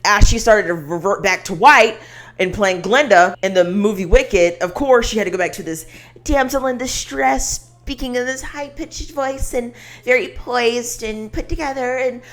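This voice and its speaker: A woman's voice: a little high, normal speed. Blunt, slangy young woman ranting. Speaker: commentary vlogger. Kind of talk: casual commentary rant.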